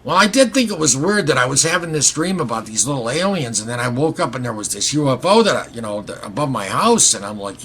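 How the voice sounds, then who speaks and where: A man's voice: mid-range voice, very animated, quick pace, vocal fry, few pauses, a bit bright, slight background noise. A middle-aged man vlogging, telling a long story in a rambling, wry, conversational way and acting out the quoted dialogue. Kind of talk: casual storytelling to camera.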